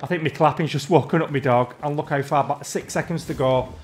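A man's voice: fairly high pitch, a little fast, a little hiss or hum. A man ranting in exasperation while commentating his own gameplay. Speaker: gamer.

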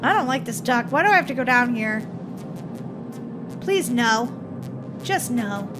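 A woman playing through a game roleplay as the slower little sister, whining and complaining. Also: a little high, expressive. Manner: whiny, self-pitying complaining. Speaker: gaming roleplay channel voice of the younger sister. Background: game music.

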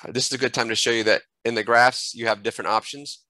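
Halting man giving a software tutorial. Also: mid-range voice, steady tone, dry recording, rough recording. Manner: halting, self-correcting, thinks aloud while clicking. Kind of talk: screen-recorded software tutorial.

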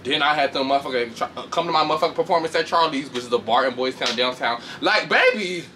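A man casually recapping a reality show fight with lots of swearing, laughter, and sudden high mocking voices. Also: fast talker, noisy background. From Chicago. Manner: animated, profane, laughs often, shifts into high mocking voices. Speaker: commentator reacting to a reality show. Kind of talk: casual chat.

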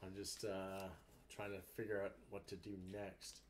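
A man playing a tabletop role-playing game, arguing his case briskly. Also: sits low, monotone, a little hiss or hum. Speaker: player. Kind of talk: in-character tabletop banter.

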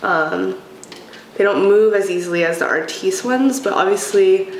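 A woman talks casually through her makeup routine, gushing with excitement over new products and poking fun at herself. She is sick today. The room echoes and there is a steady noise behind her. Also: mid-range voice, normal speed. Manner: gushing, excitable, self-deprecating. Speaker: beauty vlogger. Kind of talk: casual get-ready-with-me chat. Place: home, doing her makeup.

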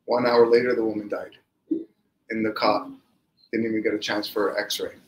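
A man, a rabbi, giving a storytelling Torah class and lively acting out the quoted speech of the people in his stories. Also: fairly low pitch, moderate pace, echoey room, rough recording.

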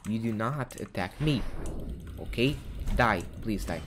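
Slow-talking young man gaming. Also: on the low side, expressive, noisy background. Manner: reads in-game text aloud, joking asides. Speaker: gaming channel host. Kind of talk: casual gameplay commentary.

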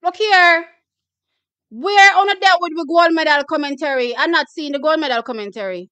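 Very high, bright-voiced Jamaican woman. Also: normal speed, no echo. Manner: excitable, bursts into shouts and laughter, slips into patois. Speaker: watch-party livestream host. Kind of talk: live watch-party reaction commentary.

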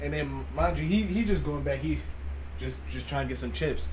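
A man's voice: on the high side, normal speed, darkish tone, slight background noise. A man streaming a casual reaction, rambling and repeating himself as he tells stories and laughs along.

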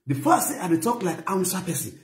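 A man's voice: sits high, sing-song, a little fast. Preachy Nigerian Pidgin man in a roomy space. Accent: Nigerian Pidgin, Benin (Edo). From Benin, Nigeria. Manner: preachy, repetitive, keeps asking "you understand?". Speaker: commentator vlogger. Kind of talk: lecturing commentary.

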